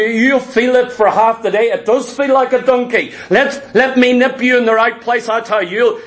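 A man's voice: very high-pitched, a bit bright. A man preaching a sermon, telling stories with acted quotes and frequent stammered restarts.

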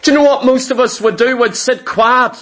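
A preacher with a strikingly high-pitched, slightly bright voice delivers a sermon a little fast. He speaks emphatically, repeating key phrases and hurling rhetorical questions at his listeners.

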